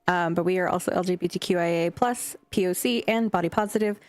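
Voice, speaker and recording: A woman's voice: fairly low pitch, fast, darkish tone, no echo. A young adult woman streamer chatting casually and scatteredly with her chat, swearing now and then. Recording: faint music behind.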